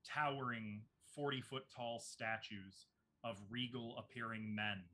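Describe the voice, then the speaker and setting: A man narrates as game master of a tabletop game, with a bright, clear tone at an ordinary pitch. He describes scenes at an easy pace and stops to explain the rules. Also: fairly even intonation, unhurried.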